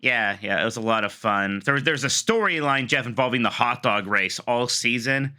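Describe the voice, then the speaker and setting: Bright-voiced chatty male co-host. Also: mid-range voice, normal speed, clean tone. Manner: chatty storyteller, dry quips. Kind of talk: casual storytelling chat.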